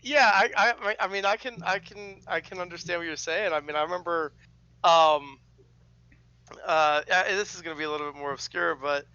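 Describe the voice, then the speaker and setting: A man co-hosting a casual tabletop-gaming podcast chat, animated and swearing freely. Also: a little high, moderate pace, clean tone, dry recording, lo-fi sound. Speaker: podcast co-host.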